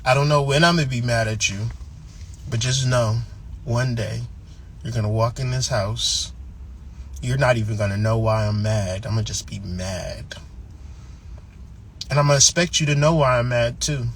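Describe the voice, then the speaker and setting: A man's voice: mid-range voice, normal speed, pauses often, fairly bright tone, a little hiss or hum, voice pushed down, close to an everyday voice. Man putting on a fickle, moody young woman. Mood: petulant.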